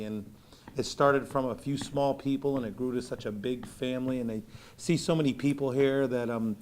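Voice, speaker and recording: A man's voice: medium pitch, fairly even intonation, moderate pace. A man who co-founded a grief support group speaks casually to its members. He tells stories with jokes and acts out both sides of conversations, and a faint hiss sits under his voice. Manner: warm, joking, acts out both sides of dialogue.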